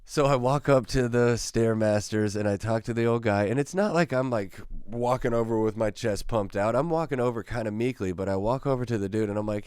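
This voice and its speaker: A man's voice: mid-range voice, fairly quick, few pauses, a little mellow, clean tone, dry recording, studio quality. A man hosting his own show, telling a rambling, self-mocking story that gets him worked up. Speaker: podcast host. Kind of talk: casual storytelling monologue.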